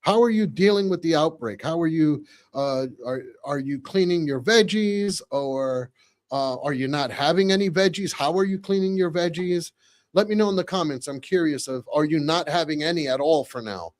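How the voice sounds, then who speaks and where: A man in his forties hosting a podcast live, chatting casually with viewers, reading comments and repeating phrases excitedly. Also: on the high side, normal speed, dry recording. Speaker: podcast host.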